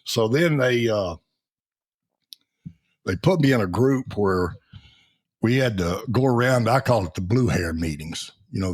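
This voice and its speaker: A man's voice: on the low side, slightly rough. A man, a Navy veteran guest telling folksy stories in a podcast interview and laughing as he acts out the people in them. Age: 70s.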